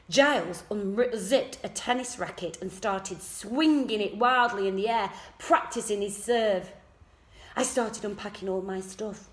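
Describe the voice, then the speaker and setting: Teacher reading a story softly. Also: female voice, mid-range voice, slight background noise. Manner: soft, quiet first-person narration. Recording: echoey room.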